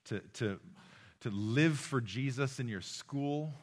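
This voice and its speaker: A man preaching a sermon to young people in a room, impassioned, swinging from loud exhortation to hushed tones, often repeating words as he goes. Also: mid-range voice, takes it slowly. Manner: repeats words and restarts as he speaks. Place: room with a live audience.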